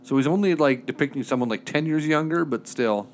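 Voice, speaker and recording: A man's voice: on the high side, fairly quick, a little hiss or hum. A man co-hosting a podcast, chiming in with dry questions and joking asides in casual chat. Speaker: podcast co-host.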